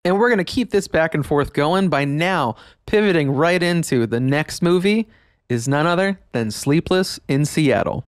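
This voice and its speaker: A man's voice: on the high side, lively intonation, moderate pace, clear, resonant tone, soft background music. A man, hosting a nostalgic podcast monologue, enthusiastic and emphatic, laughing often as he talks. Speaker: podcast host.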